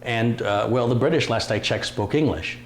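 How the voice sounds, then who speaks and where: A man's voice: mid-range voice, moderate pace. A man hosting a live stream, chatting casually, joking and reading viewer comments aloud. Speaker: livestream host. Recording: roomy echo, faint room noise.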